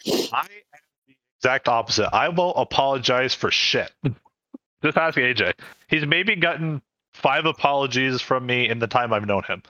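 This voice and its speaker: A man's voice: mid-range voice, lively intonation, moderate pace, bright, forceful tone, no echo. A man co-hosting a casual podcast, blunt and sarcastic, teasing his friends. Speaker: podcast co-host. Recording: slightly muffled podcast audio.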